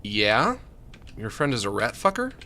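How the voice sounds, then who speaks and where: A man's voice: on the low side, huge pitch swings, unhurried. A man streaming a game, rambling and joking, with panicky yelps when chased. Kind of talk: let's play commentary.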